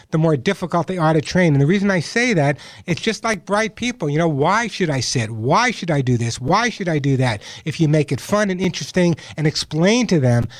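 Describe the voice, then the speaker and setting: On a recording with no echo, a man with a voice on the high side hosts a pet-themed call-in radio show. He stresses his advice, keeps repeating himself, and throws in dog voices to get a laugh.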